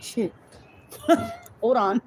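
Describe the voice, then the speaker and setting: A woman's voice: a little high, huge pitch swings, drawn-out words, a little hiss or hum, low-quality recording. A woman giving a casual tarot reading to her viewers, chatty, thinking aloud and laughing at herself as she goes. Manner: addresses viewers as y'all and my loves. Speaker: tarot reader.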